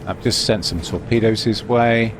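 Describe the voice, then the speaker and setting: A man giving relaxed, rambling voice-over commentary on his own gameplay, with fillers and restarts. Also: fairly low pitch, moderate pace, background noise. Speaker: gaming commentator.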